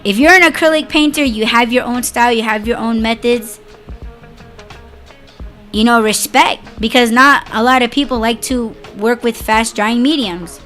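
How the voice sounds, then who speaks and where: A woman hosting a podcast, ranting solo in a loose, profane, sarcastic way. Her voice sits a little high, and she laughs easily between jabs. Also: moderate pace, a bit bright, faint music behind. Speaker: podcast host. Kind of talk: casual ranting monologue.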